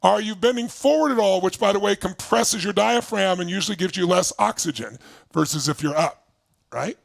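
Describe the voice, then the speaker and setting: A man leading an energetic motivational coaching session for an online audience, firing off questions and swinging between loud bursts and low, quiet stretches. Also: gravelly, dry recording, clean studio sound. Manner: emphatic, leads exercises with rapid questions, swings from loud to low. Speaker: motivational speaker. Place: indoors, streaming to a video call audience.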